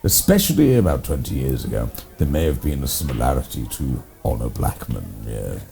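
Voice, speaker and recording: A deep, warm-toned English man tells ridiculous stories in a rambling, deadpan way. His voice swoops up and down with lively emphasis. It sounds like an improvised comedy conversation between old club members. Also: brisk, creaky, faint music behind. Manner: rambling, deadpan tall tales told with relish. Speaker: co-host playing a gentleman's club character.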